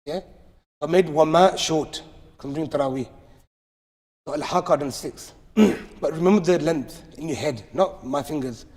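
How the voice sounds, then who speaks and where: A man's voice: fairly high pitch, normal speed, darkish tone. A man teaching recitation rules in a live class, explaining step by step and checking that students follow. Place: large mosque hall. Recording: long hall reverb.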